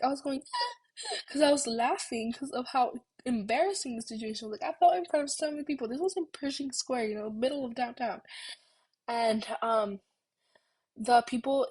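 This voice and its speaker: A young woman vlogger telling a story in a rambling, self-deprecating way, swearing casually, with a husky voice. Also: on the high side, low-quality recording.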